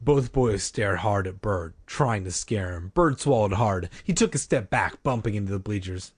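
Expressive male audiobook narrator. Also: fairly low pitch, moderate pace, few pauses, slightly rough, no echo, clean studio sound. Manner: expressive storytelling. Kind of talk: audiobook reading.

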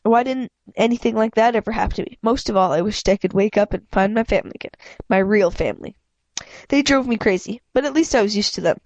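A woman with a stuffy head cold reads a story aloud at home, her voice sitting at an ordinary middle pitch. She stumbles and restarts words often, in a casual, unpolished reading. The sound is dry and close, with no room echo. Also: a little mellow. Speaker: amateur audiobook reader. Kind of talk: casual read-aloud narration.

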